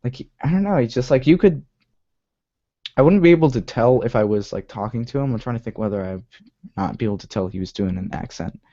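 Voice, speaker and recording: A man's voice: mid-range voice, quick pace, warm tone. A young man hosting a live web show, chatting casually in a rambling way, correcting himself often. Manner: rambling, many restarts and "like" fillers, self-correcting. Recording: dull lo-fi home stream audio.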